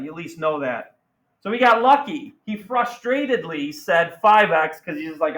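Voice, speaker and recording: A man teaching a math class, energetic and playful, firing questions at students. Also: a little high, normal speed, poor audio. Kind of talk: classroom lesson.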